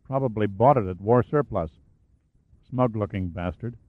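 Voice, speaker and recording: A man doing a gruff, tobacco-chewing sergeant. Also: on the low side, moderate pace, no room sound, lightly acted. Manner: gruff, muttering. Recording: dry, phone-like lo-fi sound.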